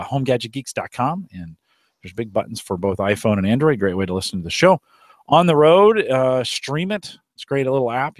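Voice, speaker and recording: In a dry recording, a medium-pitched man hosts a live tech show from an outdoor deck. The podcast host, who's from the Omaha area of the United States, keeps things chatty and rambling, restarting frequently.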